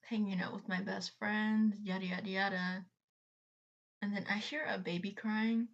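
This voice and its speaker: A woman's voice: mid-range voice, level tone, moderate pace, highs cut off. A woman hosting a reaction video, chatting casually and rambling into side rants, laughing between her thoughts. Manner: chatty, tangent-prone, laughs between phrases.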